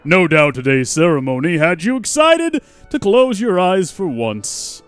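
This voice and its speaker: A man's voice: high-pitched, big pitch swings, measured pace, fairly bright tone, smooth, dry recording, faint music behind, voice pushed up, full character voice. A man voicing a dignified older father in a game, formal and dry, with a teasing edge. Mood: dryly teasing.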